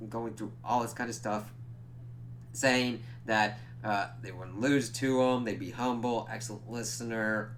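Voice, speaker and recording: A TV reviewer with a fairly low voice gives a loose, casual rundown of a TV episode, swearing freely and leaning on "like" and other fillers. There's a faint hiss or hum in the background.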